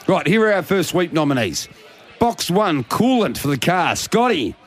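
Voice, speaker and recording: A man's voice: fairly high pitch, big pitch swings, moderate pace. A male Australian radio host from Geelong, chatting casually and reading out listener messages on a racing show.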